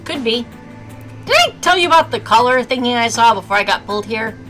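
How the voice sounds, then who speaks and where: A woman's voice: on the high side, lively intonation, fairly quick, a bit bright. A woman reading a visual novel aloud as a game streamer, with snarky asides between narration. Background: game music.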